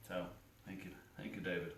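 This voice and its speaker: A man performing a one-man comedy show, talking quietly and offhandedly with hesitant asides. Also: deep voice, vocal fry, a little hiss or hum. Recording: echoey room, distant mic.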